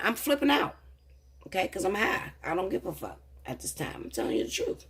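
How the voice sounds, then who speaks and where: A woman's voice: mid-range voice, very animated, fairly quick, fairly bright tone, breathy edge. A woman in her thirties, a tarot reader, telling a personal story in a heated, profane, confessional way. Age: 30s. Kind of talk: casual storytelling to camera.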